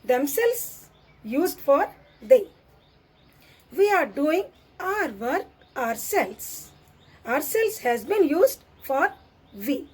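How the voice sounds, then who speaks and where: A woman teaching grammar in a high, animated voice that swoops up and down. She talks slowly and patiently, saying each example sentence again and again. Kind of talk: classroom grammar lesson.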